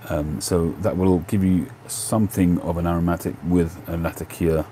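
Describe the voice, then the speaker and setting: A middle-aged man with a London Cockney accent talks casually to his livestream viewers. His voice sits very low and dark, and he rambles along in a relaxed way, correcting himself and filling pauses with ums. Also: a little hiss or hum. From England. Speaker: livestream host. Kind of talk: casual chat answering viewer questions.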